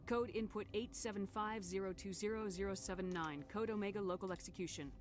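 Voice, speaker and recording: A woman voicing a brisk female commander in video game dialogue, giving crisp orders. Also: medium pitch, lightly acted.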